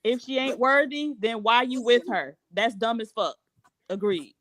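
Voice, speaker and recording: A woman calling into a heated podcast debate, laying out her argument in a measured way. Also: on the high side, lively intonation, a bit bright.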